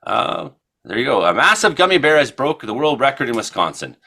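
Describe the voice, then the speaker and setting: A man in his forties from Ontario hosts a casual radio show. His voice is bright and forward as he rambles from one odd news item to the next, full of "uh" and loose asides. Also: mid-range voice, big pitch swings, fairly quick, gravelly. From Ontario, Canada. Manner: rambling storyteller, many fillers. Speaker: co-host. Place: radio studio.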